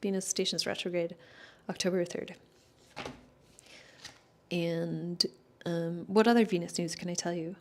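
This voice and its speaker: A woman's voice: on the low side, fairly even intonation, a little slow, long pauses, a little mellow, slight background noise. A woman astrologer in casual chat, answering viewer questions in a rambling, hedging way, full of fillers and self-corrections.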